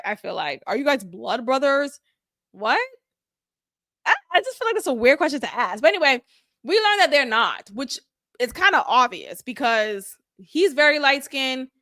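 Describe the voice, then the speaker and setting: A woman's voice: high-pitched, sharp tone, no echo, studio quality. A woman hosting a casual reality show recap, candid, opinionated and chatty. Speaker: show review host.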